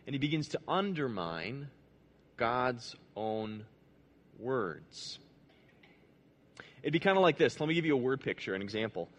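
A man preaching a sermon in a conversational way. He asks the audience questions, restarts his words, and drops low and soft for emphasis. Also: very animated, fast, hardly any pauses.

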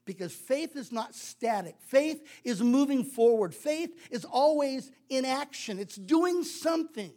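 A man's voice: very high-pitched, expressive, measured pace, hardly any pauses, a little mellow. A male preacher delivering a sermon in a conversational, emphatic way, repeating words for stress.

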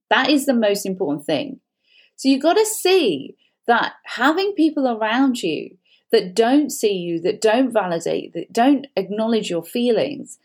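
A woman's voice: mid-range voice, darkish tone, breathy edge. A woman therapist giving earnest advice as a guest, building emphatic lists of repeated phrases.

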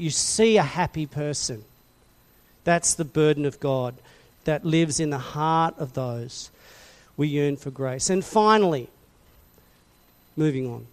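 High-voiced man preaching with passion. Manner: passionate, rising to loud emphasis then dropping soft; asks the congregation questions. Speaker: pastor. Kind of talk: sermon.

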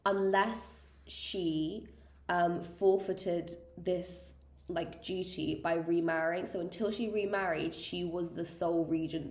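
A woman's voice: fairly low pitch, a little mellow. A woman co-hosting a casual history podcast, chatting loosely with many fillers and restarts. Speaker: podcast co-host. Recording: roomy echo.

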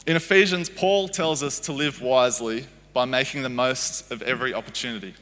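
Guest speaker, man, bright storytelling preacher, reverberant church hall. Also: mid-range voice, fairly quick, soft background music. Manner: storytelling, checks in with the audience. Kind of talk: family service sermon.

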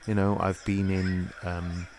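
A man's voice: low voice, little pitch movement, takes it slowly, a little mellow, slight background noise. A man, an actor, chatting in improvised comedy, rambling and self-important, full of hesitations.

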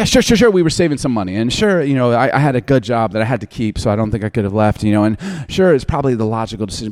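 Man, 40s, pastor, storytelling sermon, animated pitch, self-deprecating humor. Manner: animated, often laughing.

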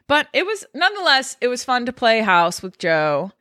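A young woman with a bright, sharp voice, chatting on a home podcast and telling earnest, meandering stories. The mic is close and dry, with no room sound. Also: on the high side, sing-song, normal speed, dry recording. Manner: chatty storyteller, earnest and rambling. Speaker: podcast co-host. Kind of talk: casual chat.

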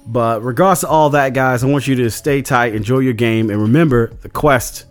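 A man's voice: medium pitch, normal speed, soft background music. A man casually recapping his tabletop game session as a podcast host, rambling with lots of fillers. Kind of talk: casual chat.

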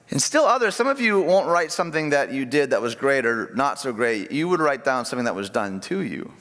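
Animated preacher man in a reverberant hall. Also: normal speed. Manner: animated preaching, dropping low and soft on key phrases. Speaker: pastor. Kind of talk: sermon. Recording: long reverb of a large hall.

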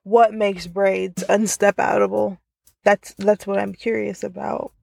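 A woman's voice: medium pitch, flat delivery, a little slow, gravelly, darkish tone, dry recording. Chatty woman podcasting from her car. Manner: chatty, lots of filler "like". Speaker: podcast host. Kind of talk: casual solo podcast chat. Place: inside a car.

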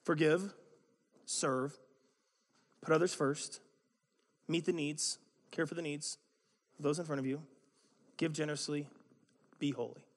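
A man's voice: on the high side, steady tone, unhurried, pauses often. A man preaching a sermon as a pastor, telling stories in a conversational way with self-mocking humor, recorded in a church sanctuary. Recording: long hall reverb.

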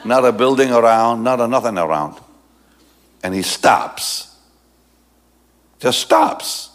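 A male pastor telling a story in a sermon, animated and often laughing, and dropping low and soft for the serious parts. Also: takes it slowly.

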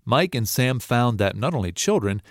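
A man's voice: medium pitch, very animated, normal speed, no room sound, clean studio sound. A male reporter narrating a news feature in a conversational way, speaking straight to the listener.

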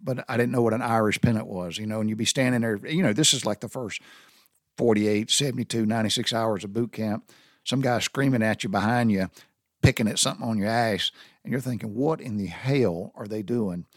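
A man's voice: lowish voice, fairly even intonation, fairly quick, dry recording, studio quality. A man with a Southern US accent, a Navy veteran rambling casually through sailor slang with many restarts. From Southern United States. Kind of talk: casual spoken monologue.

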